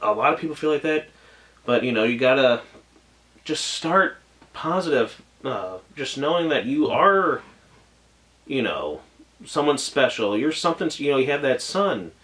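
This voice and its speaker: A man's voice: medium pitch, sing-song, measured pace, a bit bright. A man reviewing an anime episode in casual talk, gushing and emotional, rambling with many restarts and trailing thoughts.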